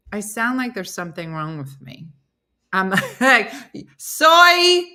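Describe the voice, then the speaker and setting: A woman's voice: lowish voice, sharp tone. A middle-aged woman hosting a casual live stream, reading viewer comments aloud with playful, laughing asides.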